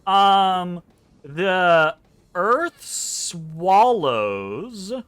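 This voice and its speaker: A man's voice: a little high, clean tone. A man running a tabletop game as game master, narrating animatedly with frequent ums and swearing. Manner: animated, profane, lots of ums.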